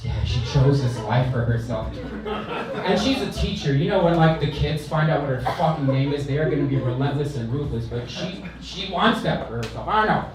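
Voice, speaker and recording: A man's voice: medium pitch, animated, moderate pace, crowd noise. A man from California's San Fernando Valley doing a stand-up set on a comedy club stage, delivering brash, profane, self-deprecating punchlines. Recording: roomy live club sound from a distance.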